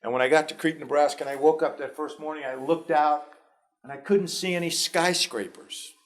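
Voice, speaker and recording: A man's voice: fairly high pitch, steady tone, a little fast. A man in his fifties with a New York accent, a school superintendent giving students a motivational talk through personal stories, earnest and given to restarts.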